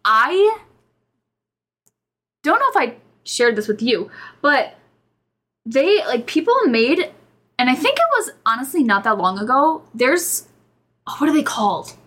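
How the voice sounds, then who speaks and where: A woman co-hosting a chatty folklore podcast, reading out legends and reacting with loud exclamations. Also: high voice, measured pace, pauses often. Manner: animated and exclamatory, reads folklore aloud. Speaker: podcast co-host. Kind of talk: casual chat.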